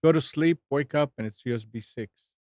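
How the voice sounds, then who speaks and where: A man's voice: medium pitch, normal speed, a little mellow, dry recording. A radio host reads tech news and tosses in wry comments. His voice sits in a middle range. The studio sound is dry and close. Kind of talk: casual chat.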